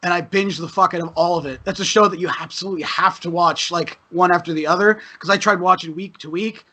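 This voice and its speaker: High bright man, rambling. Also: steady tone, quick pace. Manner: rambling, swears freely, tipsy from beers. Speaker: podcast guest. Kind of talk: casual chat.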